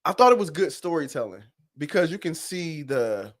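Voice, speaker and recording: A man on a podcast talking through a film in a loose, profane way with plenty of laughter. His voice sits a little high. He rambles with fillers. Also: very animated, normal speed. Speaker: podcast co-host. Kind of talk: casual movie review chat.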